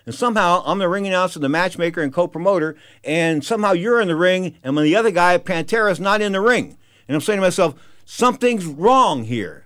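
An older man tells stories quickly and with energy. His voice sits a bit high for a man, and the recording is dry and close. He keeps circling back with "so anyway" and acts out what each person said. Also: clear, resonant tone, no room sound. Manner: animated storyteller, acts out quotes, repeats "so anyway". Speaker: boxing promoter and former fighter. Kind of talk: casual storytelling chat.

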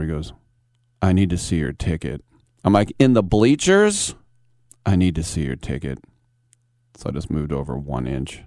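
A man's voice: a bass voice, darkish tone, smooth, dry recording, clean studio sound. A man hosting a sports talk radio show, telling rambling, wry stories with many asides. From San Francisco Bay Area.

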